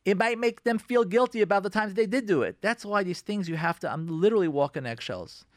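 A man's voice: sits high, fairly quick, dry recording. Preachy man on a dry radio mic. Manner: preachy, repeats himself, sprinkles Yiddish and Hebrew terms. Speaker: radio host giving marriage advice. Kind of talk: direct advice monologue.

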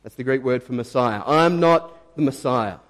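A man preaching a sermon as pastor, telling the story with animated quoted voices. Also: mid-range voice, normal speed, in a large hall. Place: church.

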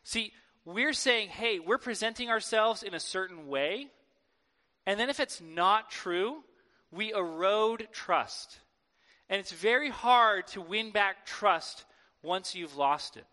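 A man preaching a sermon to his church in a lively, conversational way, acting out quoted voices. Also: high voice, takes it slowly. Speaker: pastor. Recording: long hall reverb.

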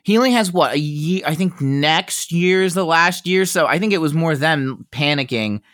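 A man co-hosting a casual sports podcast, hesitant, full of fillers, often trailing off softly at the ends of phrases. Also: on the high side, lively intonation, moderate pace, no room sound, studio quality. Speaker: podcast co-host.

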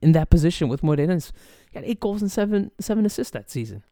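With a high-pitched voice and quick delivery, a male soccer podcast host rants solo as an animated fan. He swears a lot and relies on many filler words and restarts, recorded dry at studio quality.

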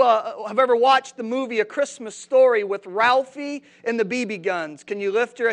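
A man's voice: very high voice, fairly bright tone. Conversational male pastor preaching. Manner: conversational, asks the congregation questions. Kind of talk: sermon. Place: church.

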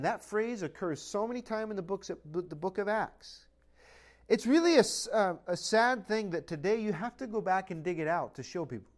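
High-pitched guy preaching hard, lots of rhetorical questions, firm and dogmatic. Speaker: pastor. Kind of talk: sermon.

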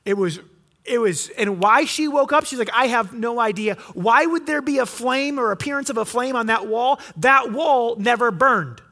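Bright, high-voiced man preaching a sermon. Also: lively intonation, normal speed. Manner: storytelling, acting out quotes with rising pitch. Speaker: pastor.

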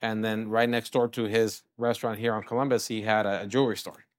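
A man's voice: on the low side, little pitch movement, fast, dry recording, studio quality. A man, a chef and restaurant co-owner from California, telling stories in a casual interview, full of "you know" fillers. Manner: rambling, fillers like "you know", acts out quotes.

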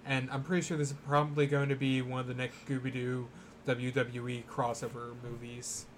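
A young man co-hosting a casual podcast, joking and playful with halting starts. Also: medium pitch, completely flat delivery, a little hiss or hum. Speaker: podcast co-host. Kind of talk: casual chat.

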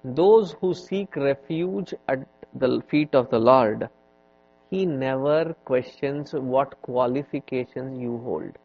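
A man, a swami, lectures on scripture at a very slow, easy pace, drifting into stories. His talk is conversational and full of "you know" fillers, at a middle pitch. The recording sounds dull and lo-fi. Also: gravelly. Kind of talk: spiritual lecture with storytelling.

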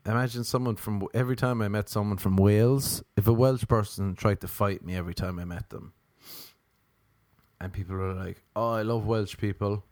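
A man's voice: lowish voice, fairly even intonation, fairly quick, darkish tone, no echo. A man with an Irish accent telling a rambling comic rant, swearing freely and mocking people. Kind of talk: casual comedic rant.

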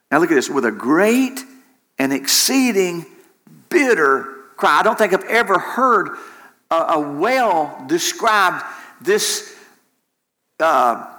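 A man's voice: a little high, pushed and bright. A man preaching a sermon in an impassioned way, repeating phrases for emphasis. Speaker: pastor.

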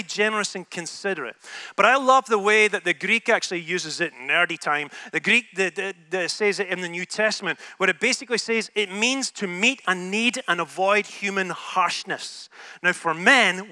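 A Scottish man preaches a humorous, conversational sermon to an audience in a room, often tossing in "right?". His voice is high-pitched, pushed and bright, with no echo.

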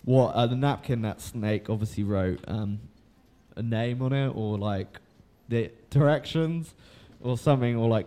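A man's voice: mid-range voice, a little slow, mellow. A young man recapping a book in a loose, rambling way, swearing freely and filling gaps with ums and likes. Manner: swears freely, lots of fillers.

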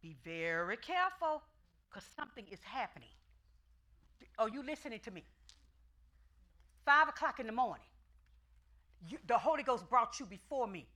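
Fervent woman preacher with a bright voice. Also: a little high, big pitch swings, normal speed, pauses often. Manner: fervent, emphatic preaching with repetition; folksy, conversational asides to the congregation. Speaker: pastor. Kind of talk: sermon.

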